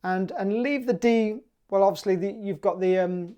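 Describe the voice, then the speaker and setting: A man with a British accent teaching a clarinet piece in a relaxed, chatty way, sometimes singing the rhythms in syllables. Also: high voice, moderate pace, smooth. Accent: British English. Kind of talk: relaxed music tutorial.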